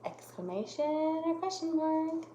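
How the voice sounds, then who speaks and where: A woman teaches young children, speaking slowly and stretching her voice up and down to make each point plain. Her voice sits a little high. The room around her is echoey. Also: lively intonation, mellow, dull audio, slight background noise. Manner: slow, exaggerated voice changes to demonstrate punctuation. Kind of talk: classroom lesson for young children.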